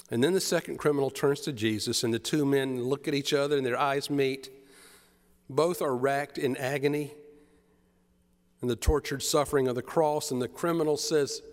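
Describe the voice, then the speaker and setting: A man's voice: medium pitch, fairly even intonation, normal speed, in a large hall. A man preaching a sermon, retelling the story with drama and repeated phrases.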